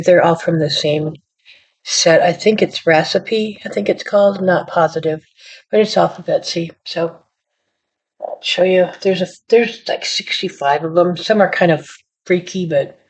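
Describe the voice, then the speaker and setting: On her own card-making channel, a woman chats casually while showing her work, rambling, apologizing, and playing down her skill. Her voice is lowish and a little mellow, and the audio is dull lo-fi.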